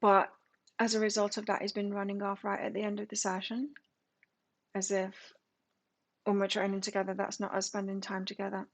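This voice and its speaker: A woman's voice: mid-range voice, monotone, moderate pace, pauses often. A woman doing a live tarot reading, reading card meanings aloud and then musing on them in a casual way. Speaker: tarot reader.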